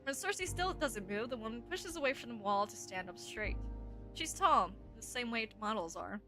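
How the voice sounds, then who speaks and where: A woman's voice: fairly high pitch, lively intonation, normal speed, pushed and bright, soft background music. A woman streamer reading a visual novel aloud, narrating in a playful way and often breaking off to comment on the text. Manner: playful, self-interrupting narration.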